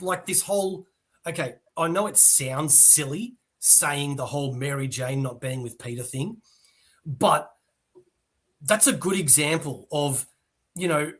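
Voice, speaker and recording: A man's voice: on the high side, slightly rough. An Australian man hosting a casual comics chat, giving blunt and candid opinions. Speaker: comics channel host.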